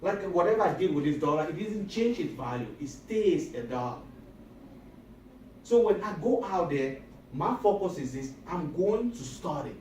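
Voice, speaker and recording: A man's voice: on the high side, lively intonation, normal speed, darkish tone, slight background noise. Man giving an emphatic motivational talk in an echoey hall. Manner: emphatic and repetitive, asks the audience questions. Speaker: motivational speaker. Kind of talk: motivational talk to high school students. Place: school auditorium or hall. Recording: echoey room recorded from a distance.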